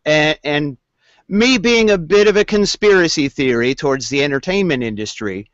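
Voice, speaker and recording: A man's voice: fairly high pitch, dry recording. A male voice actor chatting jokingly in an interview over a video call from a small closet. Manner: jokey, animated, with laughs and restarts. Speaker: voice actor guest. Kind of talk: casual interview chat. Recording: dull lo-fi video call audio.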